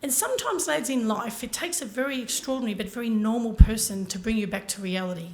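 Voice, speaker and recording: Fast-talking woman telling a story. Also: a little high, lively intonation, a little mellow. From Ireland. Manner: earnest, addresses audience directly. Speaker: conference speaker. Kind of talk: motivational storytelling talk.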